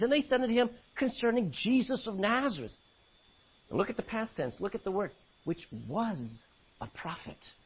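A man preaching a sermon, animated, acting out voices from the scripture he reads. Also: sits high, breathy edge. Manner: animated, acts out biblical voices. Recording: dull lo-fi recording.

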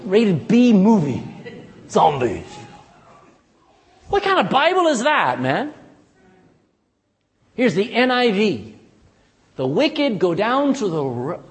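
A man preaching a sermon in a folksy, animated way, often asking the congregation "amen?". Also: high voice, in a large hall. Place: church.

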